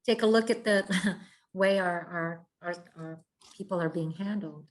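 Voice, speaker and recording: A woman's voice: on the low side, measured pace. A woman veteran hosting the show, chatting casually and making her points with emphasis. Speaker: host, veteran. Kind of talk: casual conversation.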